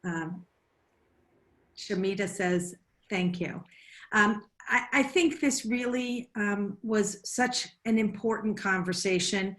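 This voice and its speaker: A woman's voice: mid-range voice, slow pace. An American woman moderating a panel over a video call, effusive and full of thanks. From United States. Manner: warm, effusive, wrapping up with thanks.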